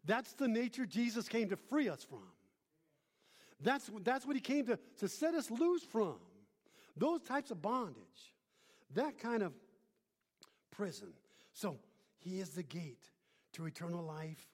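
A male pastor with a notably high voice preaches a sermon, building to emphatic peaks and then dropping to near-whispers. He calls out to the congregation for a response. His voice carries long reverb through a large church. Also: big pitch swings, unhurried, long pauses. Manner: call-and-response, rising emphatic then hushed.

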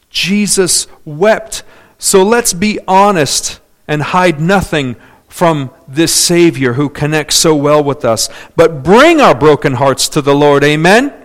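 A man preaching a sermon in a somewhat high voice. He is emphatic, booming out his praise, then dropping to quiet, confiding asides as he tells his stories. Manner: emphatic, swings between loud declarations and hushed asides.

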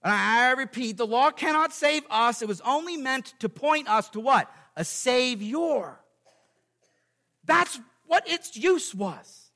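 Male pastor, emphatic sermon delivery with joking asides; high, bright voice. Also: lively intonation, slow, vocal fry.

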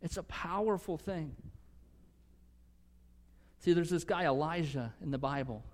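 Man, pastor, sermon, earnest and emphatic, slightly high voice, long church reverb. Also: a little slow. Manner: earnest, rising to emphatic conviction, dropping to soft near-whispers.

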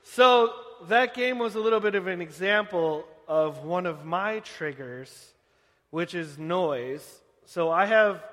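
A man in his thirties giving a joking, animated sermon to a congregation in a church hall. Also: fairly high pitch. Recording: echoey hall.

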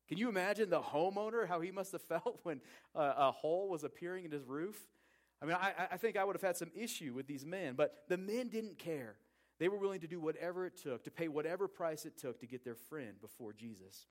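A man preaching a sermon and reading scripture aloud. He talks in a conversational way, asks his listeners questions and sometimes repeats words. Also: a little high. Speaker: pastor.

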